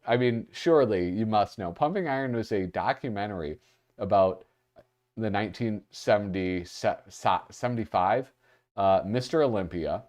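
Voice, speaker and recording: A man's voice: lowish voice, darkish tone. A man hosting a livestream, chatting casually as he flips through art. He gets distracted easily and reads out chat comments. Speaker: livestream host.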